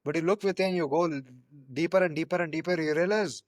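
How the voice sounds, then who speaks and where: A man's voice: on the high side, steady tone, fast, dry recording. A man hosting a podcast and reflecting in conversation, thoughtful and philosophical, sometimes searching for words. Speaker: podcast host.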